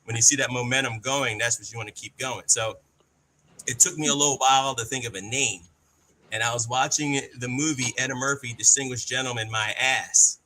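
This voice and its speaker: A man's voice: mid-range voice, steady tone, fairly quick, pushed and bright, slight background noise. A man talking as a podcast guest, telling a story in an easygoing way and acting out the dialogue. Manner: easygoing, acts out quoted dialogue. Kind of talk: casual storytelling.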